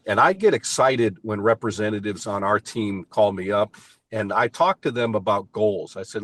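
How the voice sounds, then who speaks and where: A man's voice: lowish voice, normal speed, a bit bright. An older man speaking from inside his car, giving emphatic, enthusiastic motivational answers about his sales work in an interview. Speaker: payments sales team leader.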